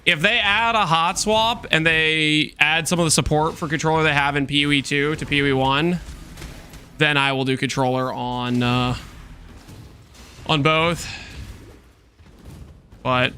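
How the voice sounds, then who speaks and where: A man's voice: on the high side, measured pace, pauses often, sharp tone, slight background noise. A man streaming a game, chatting and joking with his chat while walking on a treadmill. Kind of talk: casual live-stream chat.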